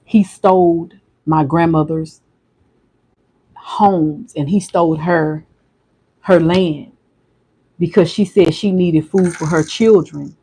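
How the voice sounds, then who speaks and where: Soft-spoken halting man with high voice. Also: fairly even intonation, slightly rough, poor audio. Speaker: livestream host. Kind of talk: emotional livestream monologue.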